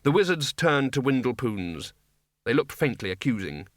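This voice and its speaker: A man's voice: medium pitch, sing-song, normal speed, dry recording. A man narrating a comic fantasy audiobook in a dry, wry storytelling manner. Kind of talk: scripted narration.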